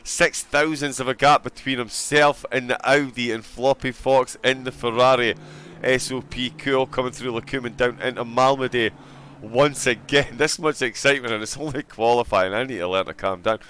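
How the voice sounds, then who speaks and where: A man commentating on an online sim racing qualifying session, excitable and joking. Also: medium pitch, slight background noise. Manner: excitable, fast-talking, joking.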